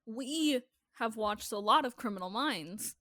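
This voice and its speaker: A woman's voice: a little high, expressive, a little slow, pushed and bright, no room sound, clean studio sound. Wry, foul-mouthed woman podcaster. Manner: wry, sarcastic, swears freely. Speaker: podcast co-host. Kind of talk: casual chat. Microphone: remote video call.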